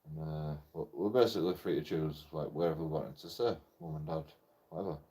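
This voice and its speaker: A man's voice: very deep voice, brisk, warm tone. A young man tells a personal story in a casual, rambling way. He swears constantly and breaks off with short laughs between phrases. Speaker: channel host telling a personal story.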